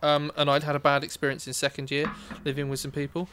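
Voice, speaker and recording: A man's voice: fairly high pitch, completely flat delivery, fast, a bit bright, slight background noise. A young man, a musician, rambling energetically in casual chat and swearing freely.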